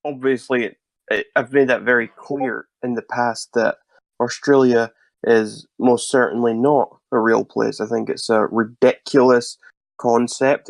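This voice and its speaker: A man giving rambling, deadpan, mock-serious interview answers. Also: medium pitch, vocal fry, dry recording.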